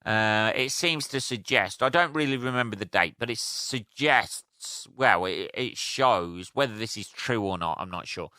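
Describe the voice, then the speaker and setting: Young man, very bright tone, smooth clear voice, casual sweary podcast rant. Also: on the low side, a little slow, few pauses, dry recording, studio quality. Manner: sweary, rambling, jokey. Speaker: podcast host.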